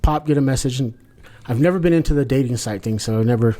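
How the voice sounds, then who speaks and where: A man appearing as a podcast guest, telling a story in a relaxed, plain-spoken way. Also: medium pitch, fast talker. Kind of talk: casual storytelling.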